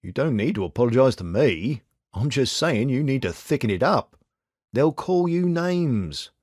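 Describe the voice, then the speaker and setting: A steady, shrewd young detective, read by a male narrator, who gives blunt advice in a voice. His tone is wry and reassuring, and his pitch moves with a lively rise and fall. The recording is dry and close. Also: unhurried, dry recording.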